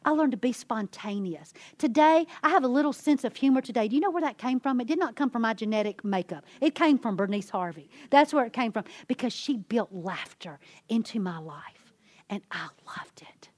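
A woman giving a sermon-style testimony, an animated storyteller who acts out the quotes she tells. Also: fairly high pitch, a little fast, hardly any pauses, dry recording. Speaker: women's ministry speaker.

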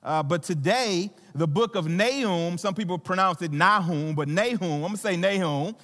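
At a moderate pace, a high-voiced man with a Southern American accent delivers a sermon in a church sanctuary that sounds like a large hall. As the visiting pastor, he chats playfully with the congregation, often restarting and using many fillers.

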